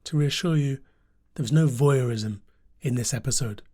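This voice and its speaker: A man hosting a podcast, introducing the episode and interviewing a guest in a calm, reassuring way. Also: medium pitch, moderate pace, slightly rough. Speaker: podcast host.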